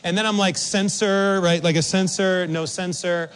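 A male pastor preaching a sermon, telling a story with animated, acted-out reactions. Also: high-pitched, normal speed, smooth. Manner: animated, acts out his own reactions.

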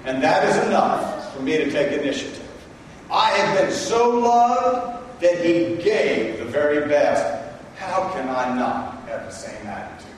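A male pastor preaching a sermon, swinging between loud emphasis and quiet intensity. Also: fairly high pitch, big pitch swings, measured pace, a little hiss or hum. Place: large church hall. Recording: echoey hall from far off.

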